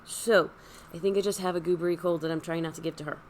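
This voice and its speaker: Hoarse woman, middle-aged, husky and low, chatty podcast host, faint hiss in the background. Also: steady tone, quick pace. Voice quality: husky, deep. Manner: chatty, self-deprecating, laughs easily. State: hoarse, losing her voice from a cold. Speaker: podcast host, yarn shop owner. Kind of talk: casual chat.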